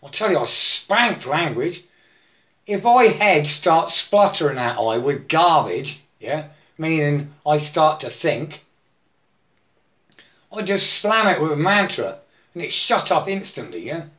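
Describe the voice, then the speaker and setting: A man giving a halting, repetitive spiritual monologue, breaking into chanted mantras and laughing to himself. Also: fairly high pitch, animated, fairly bright tone.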